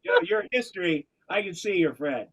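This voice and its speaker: A man hosting a podcast, with a voice pitched a little above the usual man's. He rambles through his stories, breaks off and starts again, and swears in passing. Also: wildly swooping pitch, brisk, vocal fry, husky, low-quality recording. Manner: rambling, self-interrupting storyteller, swears casually. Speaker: podcast host. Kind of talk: casual chat.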